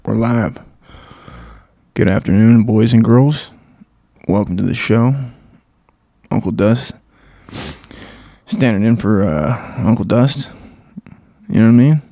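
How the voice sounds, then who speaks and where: A man's voice: on the low side, a little slow, long pauses, warm tone, no room sound, studio quality. Crude rambling male comedy host. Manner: rambling, crude, riffing with mock quotes. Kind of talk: profane comedic monologue.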